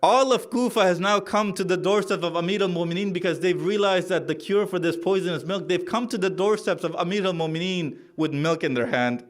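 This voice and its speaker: A man reciting a mourning sermon, telling the story in a pleading, tearful way that climbs to a loud cry. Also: high voice, fairly quick, hardly any pauses. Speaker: speaker narrating a martyrdom account. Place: mosque hall.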